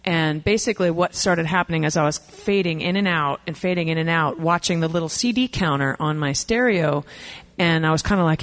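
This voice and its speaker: A woman's voice: deep voice, fairly quick. A woman singer and performer, telling a candid, profane, self-mocking story to an audience between songs.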